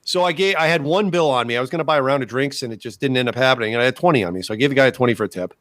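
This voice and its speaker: A man's voice: medium pitch, rapid-fire, fairly bright tone, dry recording. A man co-hosting a podcast, telling a story in casual, profane chat and acting out the voices of people he quotes. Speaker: podcast co-host.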